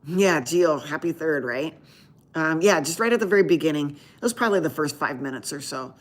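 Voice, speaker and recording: A woman's voice: deep voice, animated, fairly quick. A woman doctor hosting a live Q&A stream, chatting casually with viewers and telling a rambling story full of restarts.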